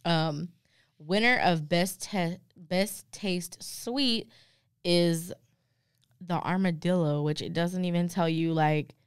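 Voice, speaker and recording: A woman with a lowish, smooth and clear voice co-hosts a laid-back podcast chat. She reads fair-food blurbs aloud and breaks off into playful asides. The sound is close and dry, with no room around it. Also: steady tone, slow pace, dry recording. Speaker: podcast co-host. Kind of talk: casual chat, reading food descriptions aloud.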